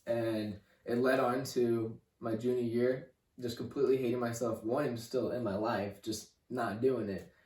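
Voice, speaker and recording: Halting young man giving a testimony. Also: medium pitch, fairly even intonation, darkish tone, far from the mic. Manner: halting, repeats words, leans on "like" and "you know". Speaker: podcast guest. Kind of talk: personal faith testimony. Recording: roomy room, voice off-mic.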